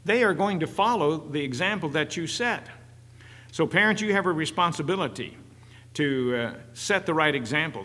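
A man preaching a sermon in an earnest, halting way, with frequent fillers. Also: a little high, a bit bright. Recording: long hall reverb.

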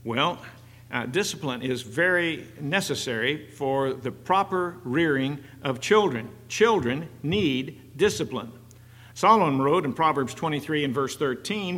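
A man preaching a sermon in an earnest, halting way, with frequent fillers. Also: a little high, expressive, a bit bright. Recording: long hall reverb.

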